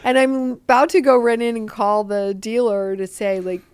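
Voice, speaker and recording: A woman's voice: a little high, flat delivery, moderate pace, darkish tone, clear, resonant tone, no echo. Woman, playful anecdote teller, dry close mic. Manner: playful, acts out quotes. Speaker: actress guest. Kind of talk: storytelling interview.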